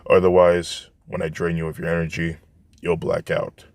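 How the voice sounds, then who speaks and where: A man voicing a calm, menacing teenage boy warlock who speaks quietly and delivers threats matter-of-factly, in a fan storybook narration. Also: low voice, moderate pace, dry recording. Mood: coldly calm.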